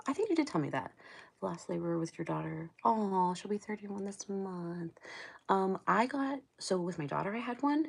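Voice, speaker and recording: Her voice is lowish, a little mellow, with vocal fry and a breathy edge. A middle-aged woman from Ohio, she hosts a casual livestream, chatting, rambling, laughing often and talking back to viewer comments.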